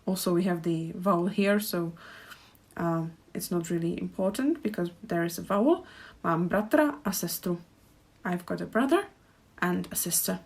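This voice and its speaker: A woman's voice: on the low side, normal speed, gravelly, darkish tone. A woman teaching a pronunciation lesson, speaking carefully and repeating each phrase so learners can practice. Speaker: Czech language teacher.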